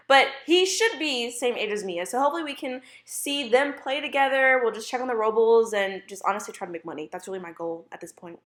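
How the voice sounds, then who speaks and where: A woman's voice: fairly high pitch, fairly bright tone, reverberant. A young woman chatting over her game footage in a bubbly, gushing way, full of "like" and exclamations. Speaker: gaming YouTuber. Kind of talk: casual gameplay voice-over. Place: home room with dogs.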